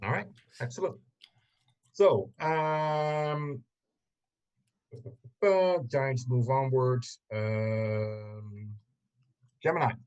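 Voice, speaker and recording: A man's voice: mid-range voice, a little mellow, clean tone, highs cut off. Hesitant man running a tabletop game. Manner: hesitant, many ums, measured. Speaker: game master. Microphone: video call.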